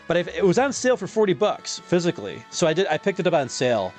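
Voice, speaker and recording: A man hosting a relaxed live game stream, reading viewer comments and chatting back in a slightly higher voice. He laughs easily and trips over his words, and his voice is going a bit hoarse. Faint game music plays behind him. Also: fast talker. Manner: laughs often, restarts and stumbles, chatty. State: voice getting hoarse. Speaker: streamer host reading chat. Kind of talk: casual live-stream chat.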